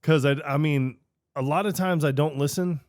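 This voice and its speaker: A man's voice: fairly high pitch, moderate pace, dry recording, studio quality. Playful, stubborn man on a chatty podcast. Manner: playful, stubborn, jokey deadpan asides. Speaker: podcast co-host. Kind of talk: casual podcast chat.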